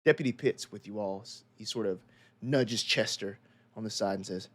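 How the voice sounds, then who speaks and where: A man narrating a tabletop horror game as game master, in steady descriptive storytelling. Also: on the low side, normal speed.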